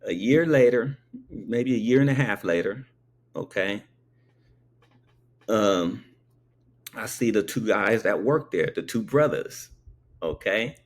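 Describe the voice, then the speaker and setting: A man's voice: fairly low pitch, lively intonation, slow pace, long pauses. A man telling a personal story in a conversational way, often checking in with the listener.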